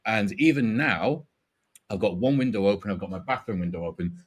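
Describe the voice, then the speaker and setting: A man's voice: lowish voice, lively intonation, fairly quick. A man in his forties from Yorkshire, with a faint Yorkshire accent, hosting a casual fan stream in a rambling, sweary way with easy laughs. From Yorkshire, England. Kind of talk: casual chat.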